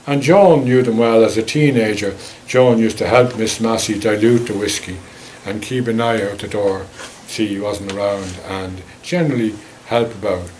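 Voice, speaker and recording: A man's voice: lowish voice, moderate pace, hardly any pauses, darkish tone, slight background noise, low-quality recording. A man with an Irish accent giving a local history talk with slides, telling stories in a chatty, wry way. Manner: anecdotal, chatty, wry asides.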